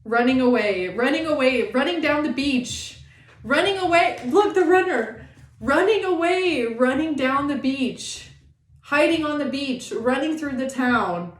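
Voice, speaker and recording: A woman giving a casual tarot reading, animated and sassy, swearing often and acting out the people she talks about. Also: high voice, a little slow, echoey room. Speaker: tarot reader.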